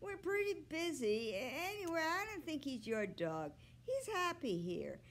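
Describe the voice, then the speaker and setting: A woman's voice: high-pitched, sing-song, unhurried, a little hiss or hum, voice pushed up, full character voice. A woman voicing a cagey young boy who stalls for a bigger reward. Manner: evasive, then yelling.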